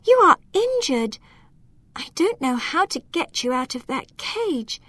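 A woman's voice: high voice, animated, measured pace, a bit bright, dry recording, pitched above the performer's own voice, heavily acted. A woman voicing a kind, brave young girl who speaks soothingly, as in a storybook reading. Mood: worried.

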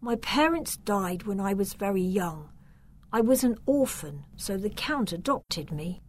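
A woman voicing a frightened, ashamed orphan boy in a storybook reading, hushed and anxious. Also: medium pitch, lively intonation, a little slow. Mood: sad.

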